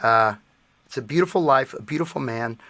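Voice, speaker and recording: Male podcast co-host, forties, bright tense voice, dry close mic, earnest storyteller. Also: mid-range voice, brisk, dry recording. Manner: earnest storytelling, emotional tribute. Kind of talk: casual chat.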